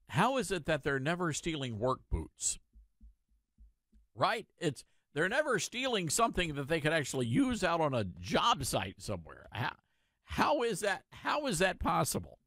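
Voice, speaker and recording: A man holds forth on a talk radio show with pointed sarcasm and rhetorical questions. His pitch sits fairly high and swings widely as he drives his points home. The sound is dry and close, as in a studio. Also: a bit bright, no room sound. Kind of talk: opinion talk radio monologue.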